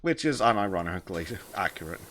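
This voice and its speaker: A man's voice: low-pitched, sing-song, brisk, a bit bright, a little hiss or hum. A man from Australia with an Australian accent with a British lean, chatting casually on a gaming stream and laughing often. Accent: Australian, with British influence.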